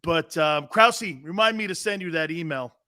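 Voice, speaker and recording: A middle-aged man hosts a sports talk show in a casual, rambling way. His stories break into loud shouts and laughter. His voice sits a little high and rings bright and forceful, recorded dry and close. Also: moderate pace, no room sound. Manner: loud, excitable, storytelling with bursts of shouting and laughter.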